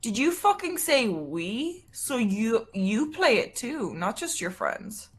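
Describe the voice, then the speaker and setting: A woman's voice: on the high side, sing-song, takes it slowly. A woman, chatting as a guest on a livestream in a blunt, teasing way and swearing freely. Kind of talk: casual chat on a livestream.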